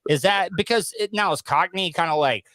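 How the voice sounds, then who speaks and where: A man's voice: high voice, a little fast, bright, forceful tone, no room sound, studio quality. A man from the States, hosting a casual podcast interview in a jokey, rambling way. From Southern United States. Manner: chatty, jokey, lots of restarts. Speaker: podcast host.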